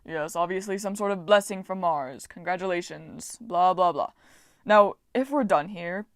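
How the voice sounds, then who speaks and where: A woman voicing a pompous, boastful male farm god who talks loudly and theatrically in an audiobook. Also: on the low side, normal speed, no room sound, studio quality, lightly acted. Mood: dismissive. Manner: loud, theatrical, dismissive.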